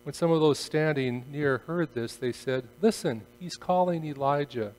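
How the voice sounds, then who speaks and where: A man preaching in a church, reading scripture with gravity and rising to loud, dramatic cries on quoted words. His voice sits a bit high for a man, with a long reverberant tail and a faint electrical hum behind it. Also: moderate pace. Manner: solemn, dramatic swells in volume on quoted cries. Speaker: pastor. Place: church sanctuary.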